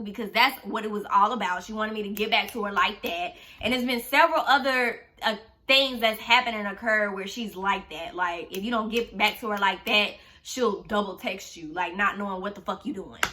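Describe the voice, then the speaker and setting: A woman's voice: medium pitch, steady tone, normal speed, few pauses, pushed and bright. A young adult woman telling a storytime vlog in a casual rant, blunt, profane and sarcastic as she vents.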